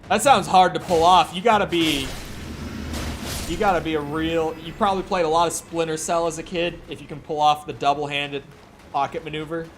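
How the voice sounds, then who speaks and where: A man's voice: on the high side, steady tone, brisk, a bit bright, a little hiss or hum. Profane, rambling male streamer. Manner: rambling and profane, chatting with viewers. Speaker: gaming streamer. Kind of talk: casual live-stream chat while playing.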